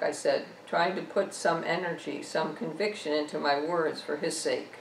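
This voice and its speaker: A woman author reading her own novel aloud, telling a first-person story at a measured pace. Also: low voice, vocal fry, slight background noise. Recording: echoey room, distant mic.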